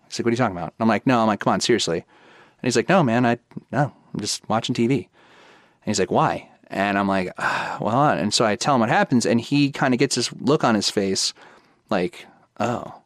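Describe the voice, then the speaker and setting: A man's voice: lowish voice, a little fast, no echo. A man in his thirties casually telling a personal ghost story, acting out the back-and-forth dialogue. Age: 30s. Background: background music.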